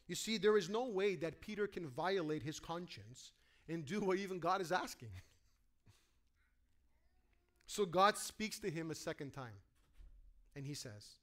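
A man preaching a sermon to a congregation, animated, acting out quoted voices and asking his listeners questions. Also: high voice. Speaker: pastor.

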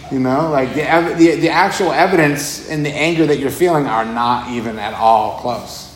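A man, a meditation teacher, giving a casual dharma talk. He talks conversationally, repeats words and chuckles often. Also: mid-range voice. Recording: roomy echo, faint background noise.

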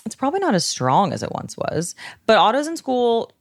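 A woman's voice: on the high side, brisk, dry recording, clean studio sound. A middle-aged woman chatting casually as a podcast guest, rambling with fillers. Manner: relaxed, rambling with many fillers. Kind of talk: casual chat.

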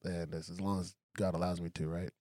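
Young guy talking fast in a relaxed interview, low mellow voice, acts out the quotes, dry close sound. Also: no room sound. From United States, raised by Congolese immigrant parents. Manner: animated storyteller acting out quotes. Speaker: professional fighter, interview guest. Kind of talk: casual storytelling interview.

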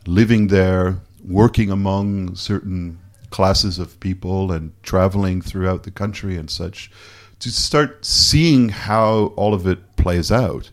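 A man from Canada being interviewed, talking candidly and haltingly, restarting his sentences as he questions himself. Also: deep voice. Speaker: photographer guest. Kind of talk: casual interview conversation.

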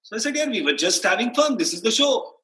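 Indian male sports anchor, bright tenor, quotes people in voices, roomy echo. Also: very high-pitched, quick pace. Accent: Indian English. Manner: animated anecdotes, acts out quotes, laughs often. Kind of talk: casual storytelling interview.

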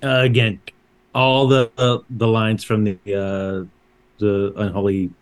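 A man's voice: fairly low pitch, level tone, slow pace, clear, resonant tone. A man guesting on a movie podcast as a writer, talking loosely and with amusement. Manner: loose, amused, quotes lines with a put-on voice. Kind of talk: casual movie podcast chat.

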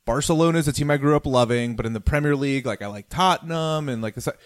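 A man's voice: medium pitch, fast talker, dry recording, clean studio sound. A man hosting a casual podcast chat, steering the talk and telling anecdotes. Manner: chatty, steers the conversation. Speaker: podcast host.

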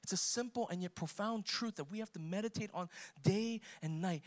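Man, preacher, sermon, emphatic, fairly high pitch. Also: a little fast.

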